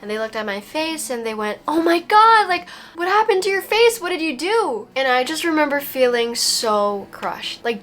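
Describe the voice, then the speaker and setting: Young woman vlogger, high-ish voice, stuffy and nasal from a fever, earnest, faint background hiss. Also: fairly bright tone. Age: young adult. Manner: earnest, open storytelling. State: recovering from a fever. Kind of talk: casual personal vlog.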